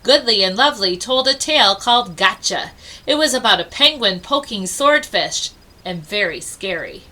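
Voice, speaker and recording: A woman reading a children's storybook aloud with expressive delivery and dramatic pauses. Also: medium pitch, poor audio. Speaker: storybook reader.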